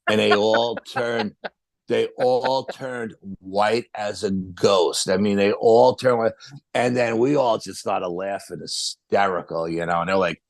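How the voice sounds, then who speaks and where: A man's voice: on the low side, lively intonation, moderate pace, creaky, no room sound. A middle-aged man telling a ghost-hunting story in a casual, rambling way, full of fillers and restarts. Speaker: paranormal investigator guest.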